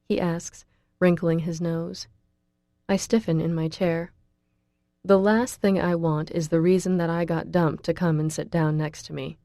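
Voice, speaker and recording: A woman narrates a first-person audiobook with steady, plain storytelling. Her voice sits on the low side. She is close to the mic in a dry room. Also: measured pace, no echo.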